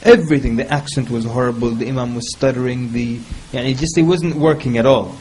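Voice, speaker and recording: A man speaking on a panel, giving advice in a lively, humorous way and mimicking people in quick quoted asides. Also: medium pitch, slight background noise, low-quality recording. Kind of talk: casual panel talk.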